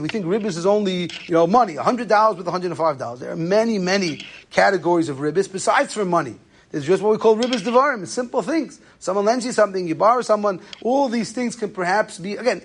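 A man giving a Torah class on Jewish law, telling stories in a lively way and mixing in Hebrew and Yiddish terms. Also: high-pitched, a little hiss or hum. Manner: animated storytelling, Yeshiva-style Hebrew and Yiddish terms. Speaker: rabbi lecturer.

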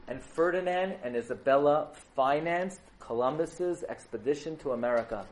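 A man giving a storytelling sermon to a live audience, animated and jokey, often putting questions to the listeners. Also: fairly high pitch, moderate pace, few pauses, low-quality recording.

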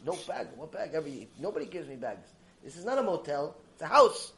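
A man voicing a calm, sly rabbi's wife who speaks low and unbothered. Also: brisk, vocal fry, heavily acted. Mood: denying.

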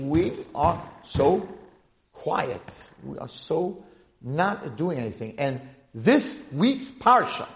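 A man's voice: fairly high pitch, very animated, takes it slowly, creaky. A man giving an impassioned Torah lecture, dramatizing scenes and mixing in Hebrew and Yiddish terms. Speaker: Torah teacher.

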